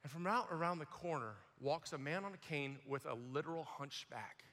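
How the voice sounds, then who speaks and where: A young preacher shares his own testimony from the pulpit of a large hall, speaking a little fast. His storytelling is lively, with acted-out voices and shouts when the story peaks.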